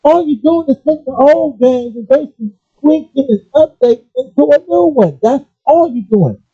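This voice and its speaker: A man ranting casually about gaming and pausing often to apologize for his language. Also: extremely high pitch, no echo. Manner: animated, apologetic asides, restarts. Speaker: gaming commentator. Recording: dull lo-fi, dry.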